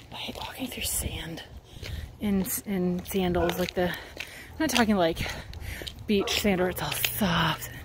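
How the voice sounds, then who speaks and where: Chatty woman vlogging outdoors. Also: fairly low pitch. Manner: chatty and rambling, many "like" fillers. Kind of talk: casual chat while walking her dog. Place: outdoors at sunrise. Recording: outdoor ambience with noticeable background noise.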